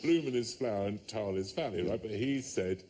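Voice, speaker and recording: Indignant man over loud noise. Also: lowish voice, normal speed. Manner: indignant, argumentative reasoning. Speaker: panelist. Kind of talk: panel show banter.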